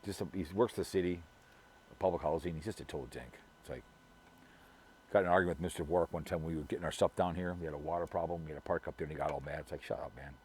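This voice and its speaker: A middle-aged Minnesota vlogger rambles and gossips to his viewers, full of restarts and repeated words. His voice sits low with a darkish tone, he talks very fast, and there's slight background noise.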